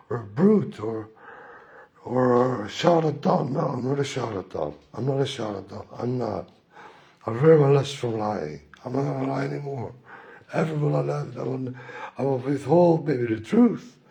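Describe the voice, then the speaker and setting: Creaky-voiced man rambling about spirit. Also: medium pitch, mellow, muffled recording. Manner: rambling, repetitive, self-questioning. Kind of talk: rambling spiritual monologue to camera.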